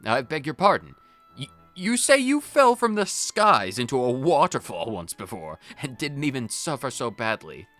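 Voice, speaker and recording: A man's voice: medium pitch, big pitch swings, moderate pace, sharp tone, faint music behind. A man voicing a pompous fisherman in a video game, speaking in old-fashioned formal phrasing.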